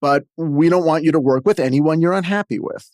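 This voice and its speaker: A man quoting a careful, kind woman producer, speaking gently and measuredly in a comic memoir. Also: a little high, brisk, no echo, studio quality, close to an everyday voice. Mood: tactful.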